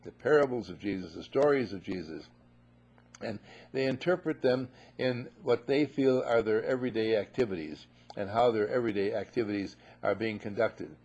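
A man preaching a sermon to a live audience, animated, acting out voices and often saying "you see", heard on a muffled lo-fi recording. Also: lowish voice, moderate pace, breathy edge.

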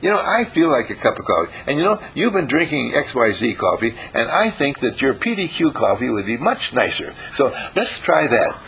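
A man voicing a gushing, endlessly affectionate woman visitor who talks in effusive, sing-song flattery. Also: medium pitch, moderate pace, few pauses, a little hiss or hum, poor audio.

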